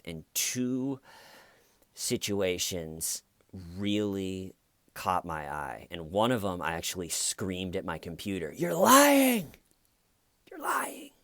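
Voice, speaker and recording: Slow, deep-voiced wry man. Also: no echo. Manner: slow, wry, acts out quotes in mocking voices. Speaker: commentary vlogger. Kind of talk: casual commentary monologue.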